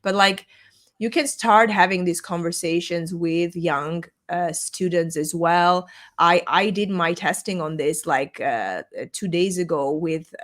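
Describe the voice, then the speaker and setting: A woman whose first language is Armenian hosts a podcast over a video call, and the casual conversation is picked up on a remote call microphone. She speaks earnestly and reflectively, searching for her words, in a lowish, slightly slow voice.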